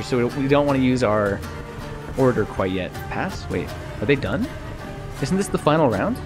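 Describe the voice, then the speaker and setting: A man streaming a video game, thinking aloud in a casual, self-mocking way and getting easily excited. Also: mid-range voice. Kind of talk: casual let's-play commentary.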